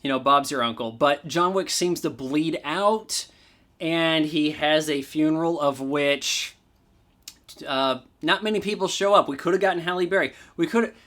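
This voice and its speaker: A man's voice: fairly high pitch, fairly bright tone. Sarcastic ranting man reviewing a film. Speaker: movie reviewer. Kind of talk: casual spoken movie review.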